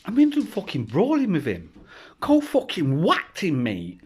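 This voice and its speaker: A man's voice: sits high, huge pitch swings, normal speed, breathy edge. A man, telling a personal story at home in a rambling, swearing, casual way. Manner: rambling, heavy swearing, frequent restarts. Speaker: vlogger. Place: at home with children around.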